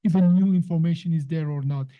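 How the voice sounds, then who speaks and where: A woman's voice: low voice, quick pace, dull audio. A woman explaining how the brain works in a conversation, in an emphatic, teacherly way, often putting questions to the listener. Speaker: science guest explaining the brain.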